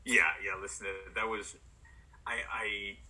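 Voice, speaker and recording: A man being interviewed as an actor, telling stories in an animated way and acting out what others said. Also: lowish voice, a little slow, poor audio. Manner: animated, acts out quotes. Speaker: actor guest. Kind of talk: storytelling in a podcast interview.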